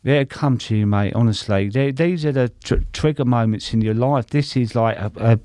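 A man's voice: medium pitch, moderate pace, mellow, dry recording, clean studio sound. A middle-aged man, a sobriety coach chatting casually on a podcast, reassuring and sprinkling his talk with swearing and "mate".

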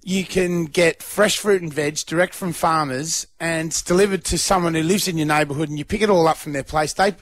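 A man's voice: fairly high pitch, steady tone, fairly quick, few pauses, fairly bright tone. An Australian man co-hosting breakfast radio, chatting in an easygoing way. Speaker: radio co-host.

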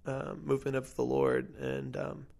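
A man telling his testimony in casual chat, earnest and halting, with casual slang and many fillers. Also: mid-range voice, sing-song, gravelly, a little mellow.

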